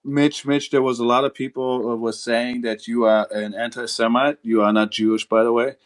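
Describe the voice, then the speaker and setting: A man's voice: mid-range voice, flat delivery, moderate pace. A man hosting a call-in livestream, joking and swearing as he rambles. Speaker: livestream host. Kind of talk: casual call-in stream chat.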